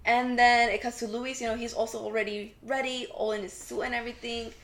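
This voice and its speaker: A woman's voice: a little high, fairly quick. A young woman co-hosting a podcast, retelling a TV episode in casual chat, acting out the characters' lines and saying "like" a lot. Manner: animated storytelling, acts out quotes, many "like" fillers. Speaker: podcast co-host.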